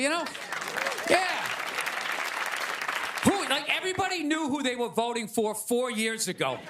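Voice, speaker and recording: A male stand-up comedian doing a sarcastic, ranting set on stage, with loud bursts. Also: very high voice. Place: comedy stage before a live audience. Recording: live club recording with audience laughter and noise.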